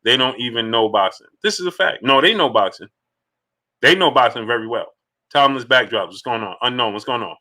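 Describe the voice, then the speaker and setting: A man's voice: medium pitch, lively intonation, fairly quick, pushed and bright. A man hosting a live boxing stream, greeting viewers in the chat by name and firing off rhetorical questions. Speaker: boxing livestream host.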